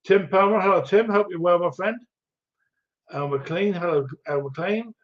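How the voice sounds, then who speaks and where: A rambling, good-humoured middle-aged man, greeting viewers one by one with plenty of ums and restarts. His voice sits a touch high for a man. The stream audio is dull and lo-fi. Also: measured pace. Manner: chatty, rambling, chuckling, many ums and restarts. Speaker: livestream host. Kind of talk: casual live chat reading viewer comments.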